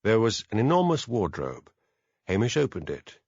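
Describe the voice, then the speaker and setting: A man narrating a mystery audiobook in a measured storytelling manner. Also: on the low side, wildly swooping pitch, darkish tone, slightly rough, no echo, muffled recording. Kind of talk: scripted narration.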